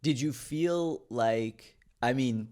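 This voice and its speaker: A man's voice: mid-range voice, slow pace, a little mellow. Podcast host guy, casual, kinda hesitant questions, lots of fillers. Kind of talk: casual interview.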